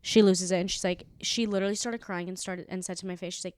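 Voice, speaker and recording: Fast-talking young woman swearing through a story. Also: mid-range voice, steady tone, a little mellow, no room sound, clean studio sound. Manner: frank, swears a lot, acts out quotes. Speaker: podcast co-host. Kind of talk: casual storytelling chat. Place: indoors, room at home.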